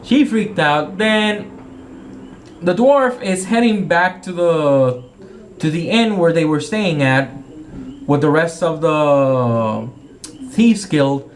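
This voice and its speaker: A man with a somewhat high voice retells a tabletop game session he ran as game master. He rambles and corrects himself as he goes. Faint ambience sits under his voice. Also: lively intonation, slow pace, long pauses, a little hiss or hum.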